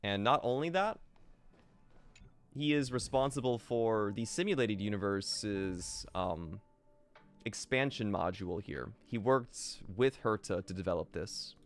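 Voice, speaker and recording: A man's voice: lowish voice, measured pace. A man streaming a game live, thinking aloud and answering chat with many fillers.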